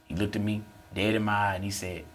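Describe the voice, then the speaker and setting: Fast, animated man telling a story. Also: fairly low pitch, noisy background. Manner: loud, lively storyteller, acting out the characters' voices. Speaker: podcast co-host.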